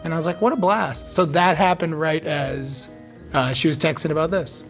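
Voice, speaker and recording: A man's voice: on the high side, fairly even intonation, normal speed, fairly bright tone, soft background music. A man in his forties, a celebrity guest, chatting casually and telling a rambling story with frequent laughs. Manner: laid-back storyteller, laughs often. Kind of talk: casual chat. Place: studio kitchen.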